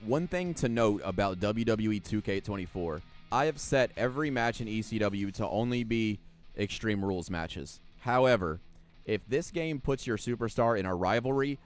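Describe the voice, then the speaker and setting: Over a video game, a man delivers play-by-play wrestling commentary that is sarcastic, jokey, and full of swearing, laughing at what he describes. His lowish voice has lively intonation and a moderate pace, with soft music in the background.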